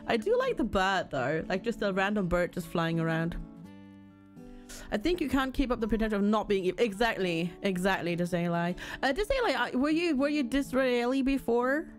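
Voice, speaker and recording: Giggly, lively woman streamer. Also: mid-range voice, normal speed, faint music behind. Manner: giggly, chatty, answers viewers. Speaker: game streamer. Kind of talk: casual live-stream chat.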